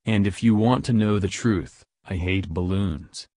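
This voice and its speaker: A man's voice: low voice, measured pace, a little mellow, no echo. A man doing a grumbling crooked boss. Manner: grumbling, complaining.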